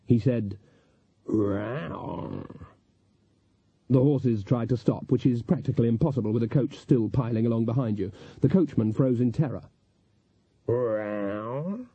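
A man narrating a story in a measured, dryly wry way, on a dull lo-fi dry recording. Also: mid-range voice, dark tone, slightly rough, no echo. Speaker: audiobook narrator. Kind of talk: scripted narration.

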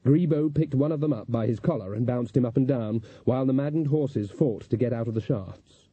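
A man narrating a story in a measured, dryly wry way, on a dull lo-fi dry recording. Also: medium pitch, warm tone, breathy edge, dry recording. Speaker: audiobook narrator. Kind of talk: scripted narration.

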